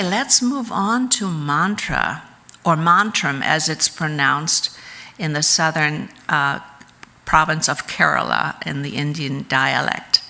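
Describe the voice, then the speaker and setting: A low-pitched woman speaks slowly and gently, teaching a congregation in a measured, unhurried way. Her tone is bright and clear despite the low register, and she gives each phrase room to settle. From United States. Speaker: speaker at a church service.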